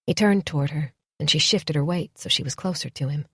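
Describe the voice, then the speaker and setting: A woman narrating a romance audiobook in a soft, intimate, measured reading. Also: low voice, breathy edge, dry recording, clean studio sound.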